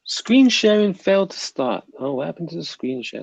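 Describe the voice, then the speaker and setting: A man's voice: fairly high pitch, sing-song, moderate pace, creaky, darkish tone, no room sound, poor audio. A man with a South London accent hosting a casual livestream, reading viewer comments aloud and bantering. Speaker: livestream host reading chat.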